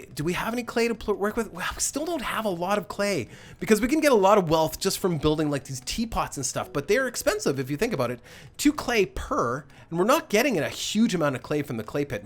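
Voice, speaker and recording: A man's voice: a little high, fairly bright tone. A man hosting a let's-play, thinking aloud in a rambling, self-correcting way while he plays. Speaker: gameplay channel host.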